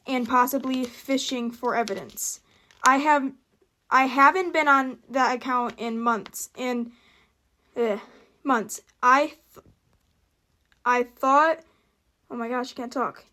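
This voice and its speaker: Young woman, teens, slightly high voice, slow deliberate read of a statement, stumbles and restarts. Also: bright, forceful tone. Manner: stumbling, restarting lines, flustered asides. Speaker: vlogger. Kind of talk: reading a prepared statement to camera.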